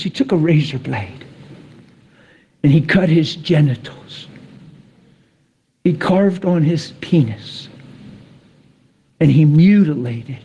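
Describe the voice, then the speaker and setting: A man preaching a sermon, telling stories dramatically, sinking to a whisper and then rising to excited peaks. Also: on the high side, slow, pauses often, slightly rough, muffled recording.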